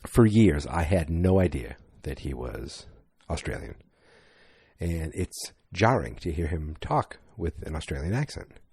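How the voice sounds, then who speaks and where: A man's voice: very deep voice, sing-song, a little slow, darkish tone, breathy edge, dry recording, studio quality. A man hosting a podcast, giving a casual, rambling movie review monologue that often corrects itself. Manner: rambling, self-correcting, chatty. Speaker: podcast host.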